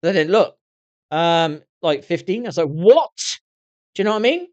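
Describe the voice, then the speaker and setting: A man's voice: sits high, animated, fairly quick, no echo, dull audio. A middle-aged man chatting to his viewers on a live stream, swearing constantly and rambling on in a candid way. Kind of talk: casual rambling chat to viewers.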